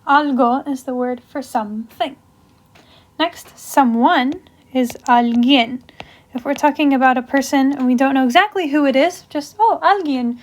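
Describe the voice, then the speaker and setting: A woman's voice: sits high, normal speed. A young woman teaching a casual grammar lesson, explaining step by step with example sentences and frequent ums. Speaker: language teacher. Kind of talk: casual classroom lecture.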